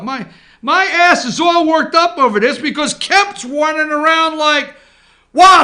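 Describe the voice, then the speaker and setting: A man's voice: very high-pitched, sharp tone. A man hosting a political talk show from an office, ranting with sarcasm, indignation and swearing.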